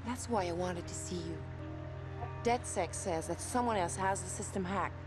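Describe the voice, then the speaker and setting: A woman's voice: fairly low pitch, normal speed, lightly acted. A woman voicing a tense frightened young woman. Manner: tense and urgent. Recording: game audio with music underneath.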